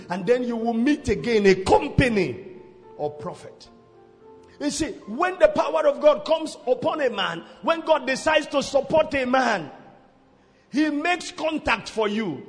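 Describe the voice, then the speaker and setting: A man preaching a sermon, shouting out prayers and reading scripture aloud with great force. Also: high voice, big-room sound.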